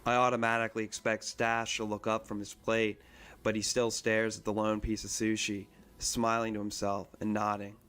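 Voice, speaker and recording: A man reading a first-person novel aloud in a steady, even manner. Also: lowish voice, moderate pace, clear, resonant tone. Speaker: reader.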